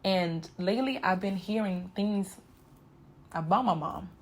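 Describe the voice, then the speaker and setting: A woman's voice: mid-range voice, a little slow, a little hiss or hum. A woman in her twenties telling a painful personal story to her viewers, frank and emotional, often addressing them directly. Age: 20s. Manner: emotional, frank, talks straight to viewers with "y'all" and "you know". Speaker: vlogger. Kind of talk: candid personal story told to camera.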